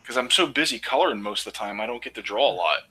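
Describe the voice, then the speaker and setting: An easygoing man with a bright, forward voice chats casually on a livestream. He is a comic artist and colorist, and he agrees readily and talks shop about drawing. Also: mid-range voice, animated, a little hiss or hum, poor audio. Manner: easygoing, quick agreeing replies.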